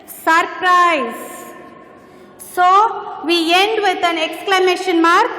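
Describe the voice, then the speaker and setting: A woman's voice: very high-pitched, fairly even intonation, very slow, pushed and bright. A woman teaching an English grammar lesson, patiently repeating phrases as she explains. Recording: echoey room with long reverb.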